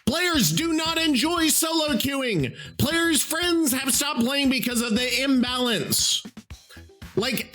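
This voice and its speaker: A man runs his podcast alone, ranting with exasperation and frequent swearing. His voice sits high and swings widely in pitch as he vents. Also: sharp tone. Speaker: podcast host. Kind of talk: solo podcast rant.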